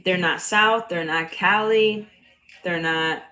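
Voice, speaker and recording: A loud, slightly nasal young woman with a touch of a Bronx accent, talking casually on a livestream. Her voice sits a little low for a woman. She speaks bluntly, swears freely and laughs between thoughts. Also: slow pace, rough recording. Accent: slight Bronx New York. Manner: blunt, profane, laughs often. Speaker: cycle coach.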